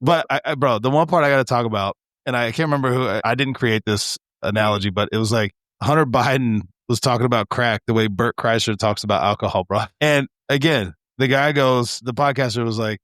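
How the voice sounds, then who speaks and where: A man co-hosting a podcast, telling stories in an animated, swearing, laughing casual chat. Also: mid-range voice, fast, few pauses, dry recording, studio quality. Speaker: podcast co-host.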